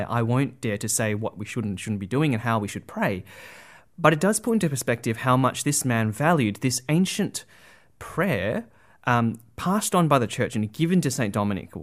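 Speaking at medium pitch, a man gives an earnest, conversational religious talk as a Catholic speaker. Asides such as "you know" and "right?" pepper his speech, and he frequently restarts his sentences.

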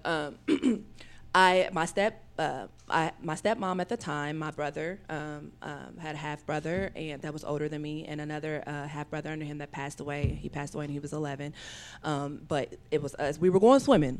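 A woman telling a long personal story as a podcast guest, rambling with fillers and acting out other people's voices with big jumps in pitch. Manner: talks in rambling runs with many fillers.

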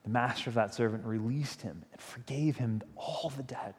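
A man's voice: mid-range voice, normal speed, darkish tone. Man preaching in a reverberant hall. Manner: conversational, emphatic storytelling. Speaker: pastor. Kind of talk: sermon. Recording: long reverb of a large hall.

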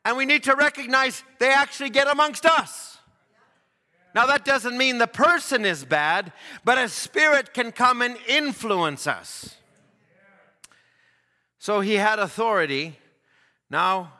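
A man preaching a sermon in a high, bright, ringing voice. He grows impassioned and swells to shouts at the big moments, while a long reverb from the church hall trails behind every phrase. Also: lively intonation, unhurried, pauses often. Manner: impassioned, rises to shouts at climaxes.

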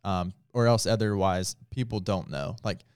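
A man's voice: low-pitched, fairly even intonation, normal speed, a little mellow, smooth, dry recording, studio quality. A man who is a pastor, talking casually and earnestly with lots of filler words. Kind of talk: casual podcast talk.

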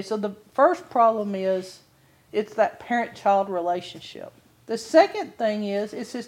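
An older woman teaching from the Bible in a sermon style, weaving a personal testimony into the lesson. She tells it in a lively, animated way, laughing often, in a voice that sits a little above the usual pitch for a woman. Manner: animated storytelling with frequent laughs.

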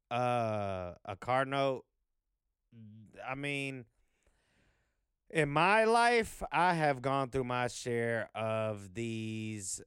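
A man's voice: lowish voice, a bit bright, smooth, no room sound, clean studio sound. A man hosting a vlog, talking in a loose, profane, rambling monologue full of fillers. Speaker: vlog host.

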